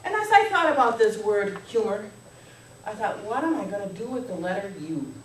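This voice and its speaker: A woman's voice: medium pitch, big pitch swings, normal speed. A middle-aged woman giving a humorous speech to an audience, playful and leading the room in jokes and laughter. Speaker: contest speaker. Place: meeting hall with audience. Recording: echoey hall from far off, faint noise.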